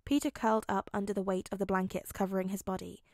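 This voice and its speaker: A woman narrating a fan fiction audiobook with clear, steady storytelling. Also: medium pitch, quick pace, dry recording, clean studio sound. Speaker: podfic reader.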